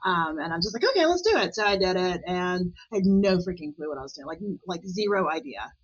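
A woman talking as a podcast guest in a casual interview, chatty and animated, often laughing. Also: on the low side, fairly quick, husky, highs cut off.

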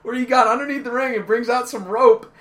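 A man's voice: extremely high pitch, steady tone, a little fast, a bit bright. A man hosting a casual talk, telling crude stories through laughter. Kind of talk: casual chat.

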